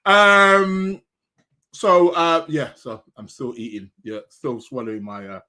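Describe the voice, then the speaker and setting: A man's voice: fairly high pitch, fairly even intonation, slow, sharp tone. A man hosting a live astrology podcast, chatting casually with many fillers and restarts while eating. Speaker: podcast host. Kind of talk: casual live-stream chat.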